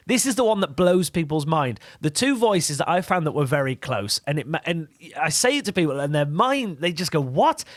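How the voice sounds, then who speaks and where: A man, an impressionist guest on a radio interview, talking in an animated way and slipping in and out of voices. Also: on the high side, no echo, studio quality.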